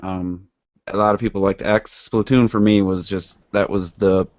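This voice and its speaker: A man speaks on a casual podcast in a low, flat voice, steady and matter-of-fact. He lays out his view calmly. The recording is dry and lo-fi. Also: normal speed, no echo. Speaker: podcast guest. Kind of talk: casual chat.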